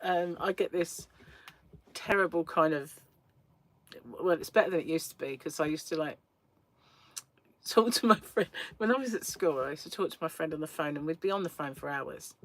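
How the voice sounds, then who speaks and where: With a low-pitched, fairly bright voice, this woman from England talks at a moderate pace and pauses often. She's running a crochet livestream from a small home room, rambling casually to live viewers and laughing a lot.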